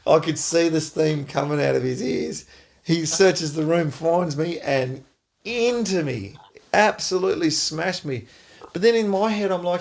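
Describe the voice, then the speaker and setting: A middle-aged Australian man hosting a podcast, an animated storyteller who laughs often. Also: on the high side, moderate pace, vocal fry. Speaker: podcast host, former footballer. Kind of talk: casual storytelling chat.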